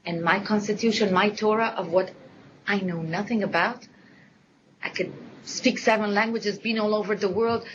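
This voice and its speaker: An older woman giving a lecture as a personal story, lively and dramatic, acting out her own past words. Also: a little high. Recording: dull lo-fi recording with faint hiss.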